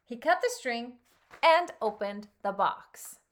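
A health coach reading a children's story aloud and then commenting on it in an animated way, with frequent laughs. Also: female voice, on the high side, takes it slowly.

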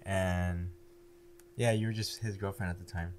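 A man's voice: sits low, fairly even intonation, moderate pace, a little mellow, slight background noise. A man co-hosting a podcast, telling laid-back stories in casual chat. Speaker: podcast co-host. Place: indoor podcast room.

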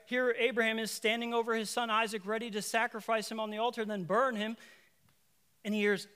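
Male preacher, higher voice, conversational sermon with asides and emphatic repeats. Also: fairly even intonation, brisk, sharp tone, clear, resonant tone. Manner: asides to the congregation and self-corrections.

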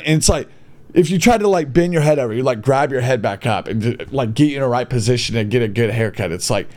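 Young guy venting about a story, blunt and sweary, voice jumps way up and down. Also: fairly quick. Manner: animated, swings between high exclamations and low mutters. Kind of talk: casual storytelling monologue.

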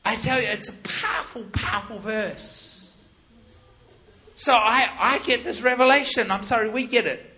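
A man's voice: very high-pitched, normal speed, sharp tone. A male pastor preaching a sermon, telling stories in an emphatic, conversational way.

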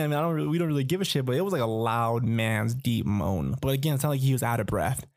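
A man's voice: medium pitch, expressive, fast, few pauses, no echo, clean studio sound. A young man casually telling a long personal story, rambling and profane, full of fillers like "like" and "you know.".

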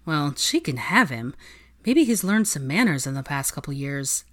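A woman's voice: low-pitched, sing-song. A woman voicing a clever young female student who gets defensive and flustered. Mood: reassuring. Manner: defensive, quick protesting.

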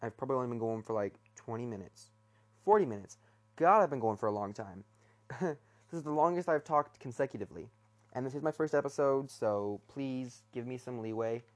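A young man talks alone from his bed, feeling his way through a rambling monologue. He restarts his sentences, fills pauses with ums, and sounds self-conscious. His pitch sits in a middle range. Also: lively intonation. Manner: hesitant, many fillers and restarts, self-conscious. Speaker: podcast host. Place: bedroom.

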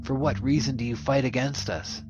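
Eve, the first woman, wails and accuses in a pitched-up, loud voice, as a male reader puts her on. The audio is muffled and music plays clearly behind this storybook reading. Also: fairly even intonation, normal speed, close to an everyday voice. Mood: wailing. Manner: wailing, accusing.

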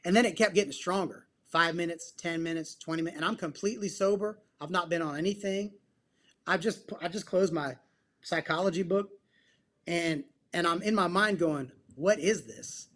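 An earnest male guest recounts a personal story in a casual interview. His voice sits a little above the usual male range, and he leans into the emphatic moments while staying relaxed and slangy in between. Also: high-pitched, moderate pace. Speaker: podcast guest, psychotherapist and men's coach.

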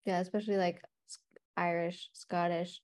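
A woman's voice: lowish voice, little pitch movement, moderate pace, a little mellow. A woman interviewing a guest in a casual chat, curious and talkative, using lots of "like". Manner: curious, chatty, uses "like" a lot.

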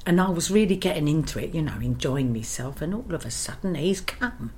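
An actress from London, England tells stories in a casual interview, animated and acting out the lines she quotes. Her voice is low-pitched and brisk with few pauses, and there's slight background noise.

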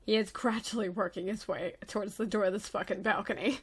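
A woman running the enemies as game master in a tabletop game, upbeat and quick to giggle. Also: mid-range voice, steady tone, husky.

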